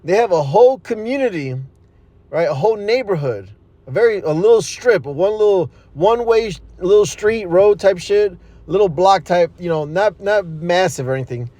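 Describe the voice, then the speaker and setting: Animated high-voiced man telling his testimony. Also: no echo. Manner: animated, profane street talk with frequent fillers; laughs at his own story. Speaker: speaker giving a testimony. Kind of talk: casual storytelling testimony.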